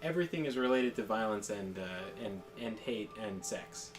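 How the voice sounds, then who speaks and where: A man's voice: on the low side, animated, moderate pace. A man chatting casually during a game session, ranting in a profane, rambling way and often breaking into laughter. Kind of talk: casual chat. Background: game music.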